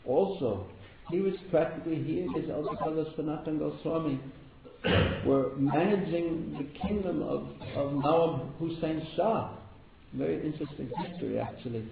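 A man's voice: a little high, normal speed, gravelly, crowd noise. A man giving a devotional talk, telling stories and often repeating words for emphasis. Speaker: spiritual teacher. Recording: echoey room over a tinny phone-like line with background noise.

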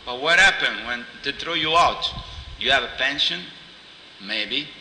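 Preacher guy, super bright tense voice, storytelling and laughing a lot. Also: medium pitch, measured pace. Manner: animated storyteller, acts out dialogue, laughs often. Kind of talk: informal spiritual talk with anecdotes. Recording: roomy hall echo, faint noise.

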